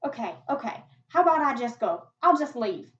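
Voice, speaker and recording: A woman's voice: fairly high pitch, fairly even intonation, lightly acted. A woman reading aloud, voicing a frightened teenage boy who pleads at gunpoint in a put-on drawl. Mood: pleading. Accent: put-on regional drawl. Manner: nervous, pleading, quick denials. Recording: echoey, distant, muffled home recording.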